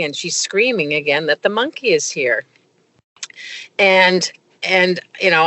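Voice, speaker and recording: A woman's voice: fairly low pitch, pushed and bright, no room sound. A middle-aged woman, a guest in an interview, telling a personal story with many fillers and restarts. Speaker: guest, medical consultant.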